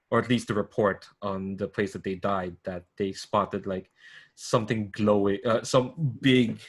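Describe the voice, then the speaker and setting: Low-voiced man hesitantly running a tabletop game. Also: a bit bright. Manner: hesitant, full of fillers and restarts. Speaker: game master. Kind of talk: casual tabletop game narration.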